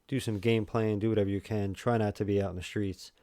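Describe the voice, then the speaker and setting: Chatty New York guy, dark dry voice. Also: fairly low pitch, fairly even intonation, fast, no echo. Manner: rambling, chatty, lots of fillers and restarts. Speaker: livestream host. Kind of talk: casual livestream chat.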